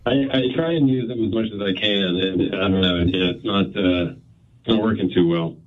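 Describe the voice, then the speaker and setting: A male caller on a thin, tinny phone line, stumbling through his story with fillers and restarts. His voice sits fairly low. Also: moderate pace. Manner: hesitant, full of fillers and restarts, chuckling. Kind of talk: phoned-in conversation.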